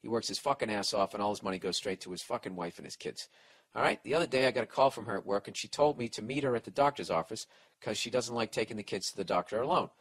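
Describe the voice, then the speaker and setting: A man's voice: lowish voice, quick pace. Profane, rambling male comedian ranting. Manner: restarts and mock voices for people in stories. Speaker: comedian podcast host. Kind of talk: ranting advice podcast.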